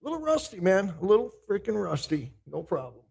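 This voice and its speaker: A man's voice: sits high, sing-song, a little fast, gravelly, darkish tone, breathy edge. A man hosting a podcast, chatting loosely and profanely to himself and his listeners while he sets up a live show in a big echoey room. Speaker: podcast host. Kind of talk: casual pre-show chat.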